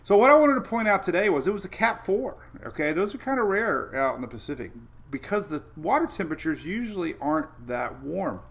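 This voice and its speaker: A man's voice: high-pitched, very animated, a little fast, gravelly, fairly bright tone. A man hosting a casual weather livestream, rambling through maps with many fillers and restarts and greeting viewers by name. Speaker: weather show host.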